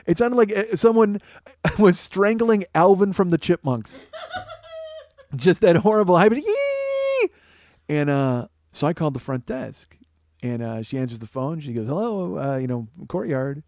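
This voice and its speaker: On a studio microphone in a small studio, with a co-host close by, a podcast host tells a long, sweary comedy story and laughs at his own jokes. His voice is a little high and darkish in tone, at a moderate pace with no echo.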